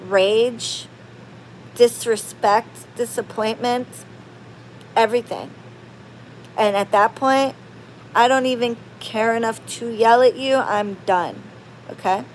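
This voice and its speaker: A woman chatting casually to her viewers, rambling and expressive, going from loud outbursts to low murmurs. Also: slight background noise. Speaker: spiritual practitioner and channel host. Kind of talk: casual chat to camera.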